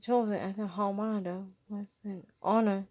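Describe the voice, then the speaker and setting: A woman narrating a homemade fan story. Her reading is halting, with frequent slips and restarts over the words. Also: mid-range voice, fairly even intonation, a little mellow. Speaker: reader. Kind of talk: fan fiction read-aloud.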